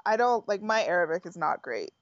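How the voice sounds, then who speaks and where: A woman with an American accent hosting a podcast, chatting in a relaxed way with lots of fillers. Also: on the low side, brisk, no room sound, lo-fi sound. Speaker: podcast host. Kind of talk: casual conversational interview.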